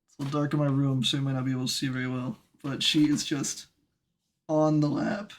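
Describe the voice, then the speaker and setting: A woman's voice: very deep voice, little pitch movement, fairly quick. A woman streaming from her room at home, chatting casually and talking in doting, playful baby talk to her pet. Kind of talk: casual live-stream chat.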